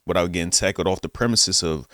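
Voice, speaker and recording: A man's voice: deep voice, fast, pushed and bright, no echo, studio quality. A young man, a vlogger, telling a casual story in a laid-back, slangy way and acting out both sides of a conversation.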